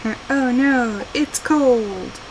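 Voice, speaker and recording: Playing a survival game live, a woman gives casual commentary, letting out exclamations and telling off her character. She speaks extremely slowly in a voice on the high side with a darkish tone, over poor audio with a slight hiss or hum.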